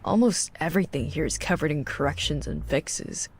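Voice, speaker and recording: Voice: medium pitch, expressive, normal speed, breathy edge. A voice actor playing a nerdy young non-binary aspiring writer in a visual novel, speaking in a dejected, self-doubting way. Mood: glum.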